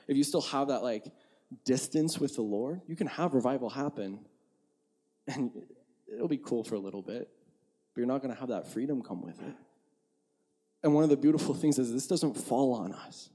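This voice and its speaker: Mellow-voiced young pastor, casual sermon. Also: male voice, medium pitch. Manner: conversational, frequent "like" fillers, laughs at himself.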